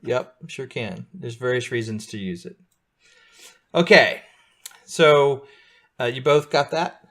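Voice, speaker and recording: A middle-aged man leads a live beginner coding lesson at an even pitch. He explains each step patiently and keeps asking his students whether they are following along. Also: slow pace. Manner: patient, checks in often with students. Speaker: coding teacher.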